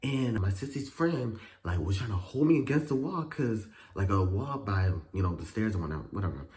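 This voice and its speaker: A man with a fairly low voice tells a story for his vlog in loose, cussing slang. His pitch swings all over as he acts out what people said, leaping into high squeaks. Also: moderate pace. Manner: animated, profane storytelling full of slang and fillers; acts out quotes with sudden high pitch jumps. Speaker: vlogger telling a story. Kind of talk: casual storytime.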